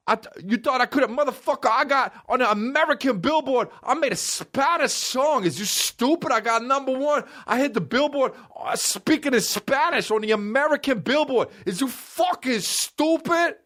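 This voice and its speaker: A man doing a mocking impression of an angry young male rapper, shouting brash taunts. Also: very high-pitched, voice pushed up.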